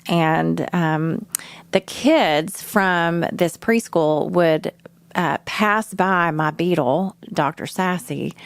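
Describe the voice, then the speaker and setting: A woman, telling a personal story in a lively way and acting out the voices she quotes. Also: fairly low pitch, no echo. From Nashville, Tennessee. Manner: animated storyteller who acts out quoted voices. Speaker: children's therapist.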